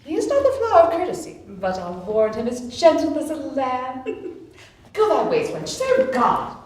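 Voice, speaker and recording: A woman's voice: high voice, sing-song, moderate pace, a little mellow. A woman playing a fussy, teasing old nurse. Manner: chatty, teasing, complaining. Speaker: stage actor. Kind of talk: live outdoor Shakespeare performance. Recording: echoey, distant camera mic, faint noise.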